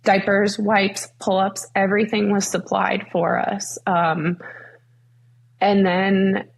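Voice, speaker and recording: Young woman with a gravelly husky voice. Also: mid-range voice, flat delivery, takes it slowly. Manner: earnest, many fillers like "like" and "um". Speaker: guest. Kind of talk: faith interview, personal story.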